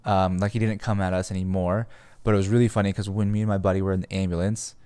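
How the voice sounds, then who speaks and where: A man's voice: deep voice, little pitch movement, quick pace, warm tone, clear, resonant tone, no room sound. A young man telling a story on a podcast in a casual, rambling way, leaning on fillers and swearing freely. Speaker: podcast host.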